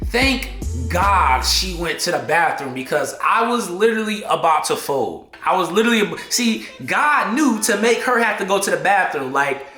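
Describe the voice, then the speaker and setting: Animated slangy man telling a story. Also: sits high, moderate pace. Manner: slangy, excitable, acts out quotes. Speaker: vlogger. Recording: echoey room, faint music behind.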